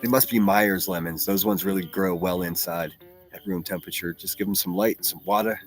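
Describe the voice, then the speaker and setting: Man, Pittsburgh accent, livestream host, casual profane chatter, low-pitched voice, faint music behind. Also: steady tone, fairly quick. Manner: profane, chatty, reads chat names aloud.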